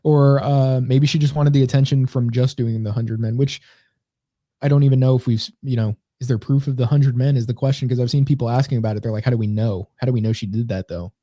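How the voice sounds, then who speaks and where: A man's voice: medium pitch, steady tone, fast, warm tone, no room sound, studio quality. A man co-hosting a casual comedy podcast, rambling and sarcastic as he reads comments aloud. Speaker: podcast co-host.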